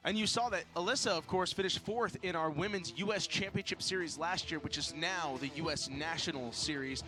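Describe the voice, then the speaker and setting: A man's voice: a little high, brisk. Emphatic male race commentator. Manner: energetic, emphatic lists. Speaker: race commentator and gym owner. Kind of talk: live sports preview commentary.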